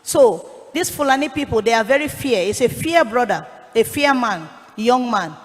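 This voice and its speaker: A woman's voice: a little high, animated, normal speed, soft background music. A woman giving an earnest church testimony, telling her story with a raised, pleading voice. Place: church hall. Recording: long hall reverb.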